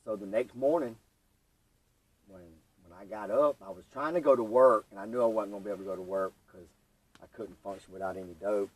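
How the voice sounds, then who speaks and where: Young guy, husky voice, animated storyteller, set back from the mic. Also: lowish voice, a little fast, no echo, far from the mic, rough recording. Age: young adult. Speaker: podcast guest. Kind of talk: telling his recovery story.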